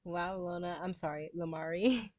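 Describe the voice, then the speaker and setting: A woman's voice: on the low side, normal speed, darkish tone, no room sound. A woman hosting a casual cross-stitch livestream, reading viewer comments aloud and chatting back to them. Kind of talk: casual live-stream chat.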